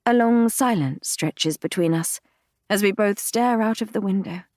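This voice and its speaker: Woman, audiobook narrator, first person, measured intimate reading, mid pitch, dry studio sound. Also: a little mellow, no room sound. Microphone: close studio mic, dry.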